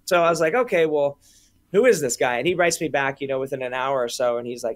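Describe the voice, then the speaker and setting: Male director guest, slightly high voice, lively anecdote teller, full of restarts and acted-out quotes. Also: fast talker. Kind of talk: interview storytelling.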